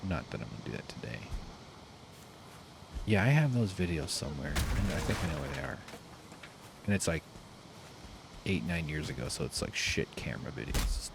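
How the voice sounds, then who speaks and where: A man telling a rambling story while playing a game, swearing freely and doing loud impressions. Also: rumbling low, lively intonation, a little fast, vocal fry, pauses often, noisy background. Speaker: streamer. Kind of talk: casual gameplay commentary. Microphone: desk mic with face cam.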